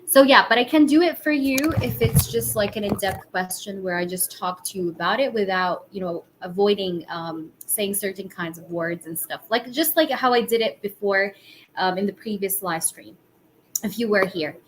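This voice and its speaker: Woman tarot reader, husky throat, casual and rambling, middle pitch, light room noise. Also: moderate pace, low-quality recording. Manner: casual, chatty, many fillers. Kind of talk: live-stream tarot reading.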